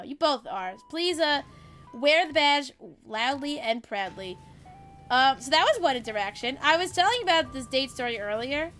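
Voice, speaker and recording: A woman streamer chatting casually on a live stream, energetic, swearing freely and giggling. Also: sits high, normal speed, faint music behind.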